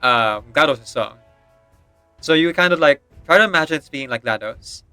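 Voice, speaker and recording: A man's voice: on the high side, expressive, normal speed, bright, forceful tone, smooth, no room sound. A man chatting casually while streaming a game, rambling with lots of fillers and frequent laughter, with faint game music behind. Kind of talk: casual chat while gaming.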